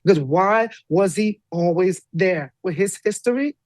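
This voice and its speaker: Animated woman acting out her story. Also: measured pace, no room sound. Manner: lively, acts out quoted dialogue with big pitch jumps. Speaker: guest.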